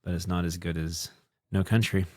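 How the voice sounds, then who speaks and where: A man co-hosting a podcast, chiming in with quick, dry quips during a casual book talk. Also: low-pitched, fairly even intonation, dark tone, no echo. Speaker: podcast co-host.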